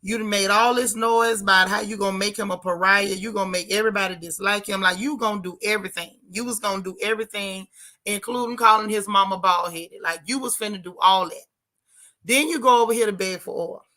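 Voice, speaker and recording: A woman hosting a livestream from her car, giving sassy, animated commentary and reading viewer chat aloud. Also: mid-range voice, a little fast. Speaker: livestream host. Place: in a car while driving.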